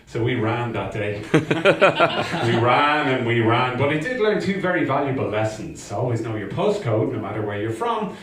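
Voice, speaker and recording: A man's voice: mid-range voice, sing-song, moderate pace, fairly bright tone. A young Irish man performing a self-deprecating stand-up set, telling stories with put-on voices. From Ireland. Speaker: stand-up comedian. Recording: roomy club sound from a distant mic.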